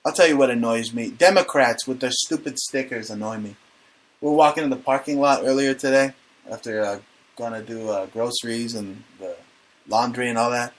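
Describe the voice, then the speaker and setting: A man's voice: medium pitch, moderate pace. A man hosting a casual comedic talk show, brash and profane, joking as he rants. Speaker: podcast host.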